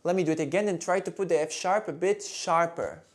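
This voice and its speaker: A man teaching violin intonation in a calm, clear, demonstrative way. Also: on the high side, brisk. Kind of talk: instructional video talk.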